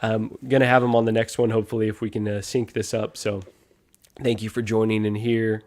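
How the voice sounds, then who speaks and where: A man's voice: on the low side, flat delivery, a little fast, a little mellow. A man hosting a casual live stream, upbeat, greeting viewers one by one and chatting with co-hosts.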